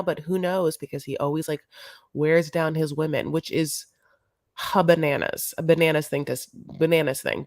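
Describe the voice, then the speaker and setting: A woman's voice: fairly low pitch, darkish tone, dry recording, studio quality. A woman co-hosting a podcast, casually recapping a reality show in a rambling, chatty way and calling her co-host honey.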